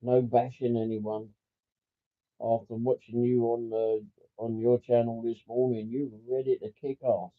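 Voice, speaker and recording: A man's voice: medium pitch, flat delivery, unhurried. Tinny-sounding chatty man on a livestream. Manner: rambling and chatty, with many fillers and restarts. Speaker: livestream host. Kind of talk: casual live-stream chat, reading viewer comments aloud. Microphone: headphone mic.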